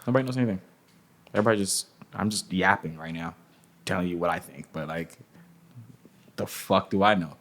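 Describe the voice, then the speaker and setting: A man's voice: low voice, brisk, long pauses, a bit bright. A man talking casually as an interview guest, loose and profane, with lots of "like" and "you know.". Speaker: music industry guest.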